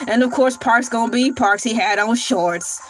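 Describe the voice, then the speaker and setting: Sassy high-voiced woman reacting. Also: normal speed, slight background noise. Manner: sassy, animated, teasing with exaggerated questions. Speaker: podcast reaction commentator. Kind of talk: casual reaction commentary.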